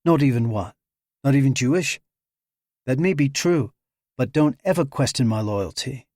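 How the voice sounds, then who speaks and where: A man's voice: mid-range voice, normal speed, a little mellow, no echo, studio quality, lightly acted. A man voicing a proud young woman, a hacker and model, who talks back with confident defiance. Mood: defiant.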